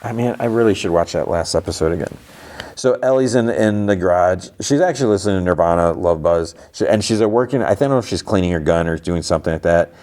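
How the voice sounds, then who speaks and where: Man, podcast host, mellow tone, casual recap, rambling retelling. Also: low voice, expressive, fast talker. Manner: retells scenes loosely, quoting characters with filler and restarts.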